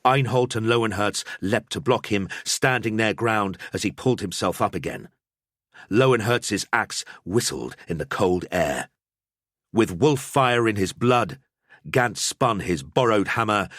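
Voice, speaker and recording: A man's voice: fairly low pitch, a bit bright, dry recording, studio quality. A man narrating an audiobook, telling a battle scene in a dramatic storytelling style. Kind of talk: scripted narration.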